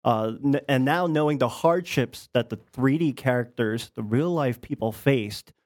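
A man co-hosting a podcast in casual chat, explaining things haltingly and restarting as he searches for words. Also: medium pitch, a little mellow. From United States. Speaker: podcast co-host.

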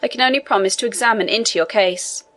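A woman voicing a male government inspector who speaks in a measured, official manner in a storybook reading. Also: fairly high pitch, fairly bright tone, lightly acted. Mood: composed.

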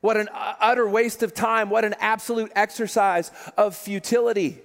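High-voiced impassioned male pastor. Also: steady tone, normal speed, a bit bright. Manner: impassioned, repeats words in rising emphasis. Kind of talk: sermon. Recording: long hall reverb.

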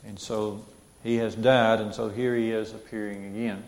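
A man's voice: fairly low pitch, flat delivery, normal speed, a little mellow, echoey room. A man giving verse-by-verse Bible teaching in an earnest way, repeating phrases and asking his listeners questions.

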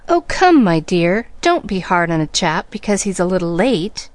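A woman reader voicing a handsome young gentleman who talks pleasantly and coaxingly, with a sharp edge. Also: lowish voice, very animated, moderate pace, no echo.

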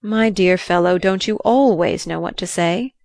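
A woman voicing a quiet, shy, wistful aging father who speaks slowly, softly and hesitantly, read in a dry, close sound for a storybook. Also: lowish voice, gravelly, dry recording. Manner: slow, soft and hesitant.

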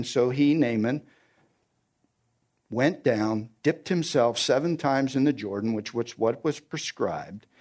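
A man preaches from scripture, verse after verse, putting it into everyday slang. He questions the congregation and answers his own questions, now and then sinking into a quiet, low voice for emphasis.

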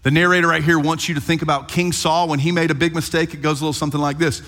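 A male pastor preaching a sermon in a lively, conversational storytelling manner, addressing his congregation directly. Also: fairly high pitch, rapid-fire. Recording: long hall reverb.

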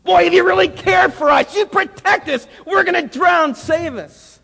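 A man voicing frightened men begging for help in a storm, shrill and pleading, with long hall reverb. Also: moderate pace, creaky, sharp tone, heavily acted. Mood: panicked.

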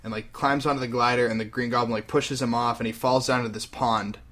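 A young man casually retelling a comic book story on a podcast, animated and slipping into character voices. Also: medium pitch, fast talker. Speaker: podcast host recapping a comic. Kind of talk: casual chat.

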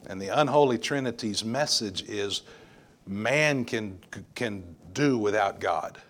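A man's voice: fairly low pitch, expressive, slow, a bit bright. A male pastor preaching a sermon, emphatic and repeating words for stress.

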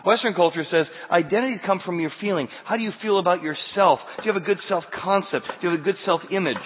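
A man's voice: sits high, quick pace, hardly any pauses, a little hiss or hum. A man preaching a sermon in an emphatic way, asking the listeners many rhetorical questions. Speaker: pastor. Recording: tinny, phone-like sound with long hall reverb.

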